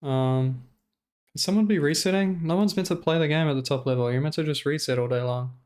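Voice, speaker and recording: A man's voice: fairly high pitch, a little fast, a little mellow, clear, resonant tone. A young man streaming, talking casually in a profane, rambling and exasperated way while commenting live.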